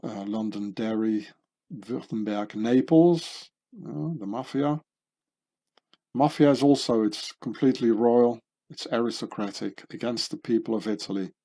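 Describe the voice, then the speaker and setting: A man works through a loose, meandering monologue, circling back and restarting his sentences with fillers. His delivery is unhurried and drawn out. His voice sits mid-range with a dark, mellow colour. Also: mid-range voice. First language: German. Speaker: commentator. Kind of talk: rambling monologue over images.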